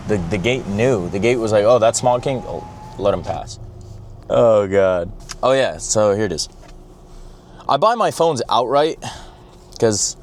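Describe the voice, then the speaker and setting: A man's voice: on the low side, a little hiss or hum. Profane young man vlogging from his car. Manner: blunt, profane, rambling, says bro a lot. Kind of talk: casual vlog chat. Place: in a car, driving.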